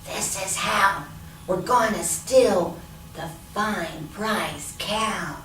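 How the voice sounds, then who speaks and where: A woman voicing two male thieves whispering their plan, in a hushed, conspiratorial tone while reading a children's book. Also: fairly low pitch, fairly even intonation, slow, a little hiss or hum. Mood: scheming. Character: two scheming male thieves plotting a theft. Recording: roomy echo from a distant mic.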